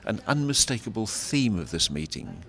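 A man's voice: on the low side, sing-song, normal speed, a bit bright. An older man commenting in an interview, emphatic and reflective, with some restarts. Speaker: guest commentator. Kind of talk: interview answer.

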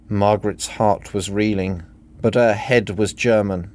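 Slow, deadpan male narrator. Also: lowish voice. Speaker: reader of his own parody. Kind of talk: dry satirical narration.

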